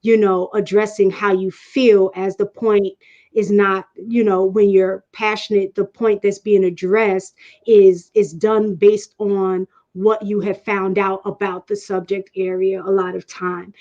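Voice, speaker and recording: A woman speaks as a panel guest, laying out her point step by step in a measured way, often restarting her words. Her voice sits at a middle pitch. The audio sounds dull and slightly muffled, like a lo-fi line. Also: little pitch movement, darkish tone. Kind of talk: explanatory casual talk.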